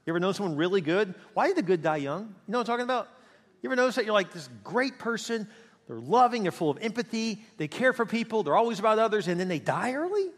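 A man's voice: sits high, big pitch swings, fast talker. Passionate male preacher in a reverberant hall. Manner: passionate preaching with big swings in loudness and pace. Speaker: pastor. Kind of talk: sermon.

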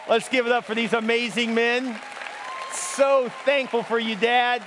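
High-voiced man preaching in a big reverberant hall. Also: measured pace, a crowd in the background, background noise. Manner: lively, conversational, joking with the congregation. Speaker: pastor. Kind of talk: sermon. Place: large church hall.

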